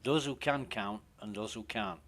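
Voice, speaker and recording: A man's voice: lowish voice, moderate pace, fairly bright tone. A man, chatting casually while streaming a game, rambling and swearing as he talks, often cutting himself off mid-sentence. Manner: rambling, sweary, self-interrupting.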